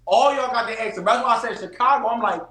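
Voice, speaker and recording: A man's voice: very high-pitched, fast talker, roomy sound, a loud crowd. A man with a Philadelphia accent hosting a casual chat, slangy and emphatic, repeating his points. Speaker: podcast host.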